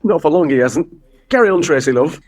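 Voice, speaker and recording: Brusque bossy nativity director. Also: male voice, on the high side, lively intonation, a little fast, a little mellow. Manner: brusque, dismissive. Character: bossy middle-aged man directing a village nativity. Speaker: show director. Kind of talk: comedy radio sitcom acting.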